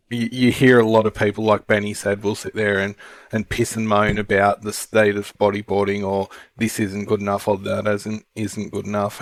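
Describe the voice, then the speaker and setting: A male podcast co-host with a low voice that barely moves in pitch. He talks in an earnest, steady manner. The recording is dry, with no echo. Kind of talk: casual podcast interview.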